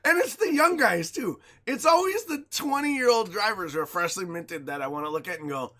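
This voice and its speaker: Animated, profane man on a podcast. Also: high voice, normal speed. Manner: profane, laughs often, animated storytelling. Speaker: podcast co-host. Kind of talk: casual chat.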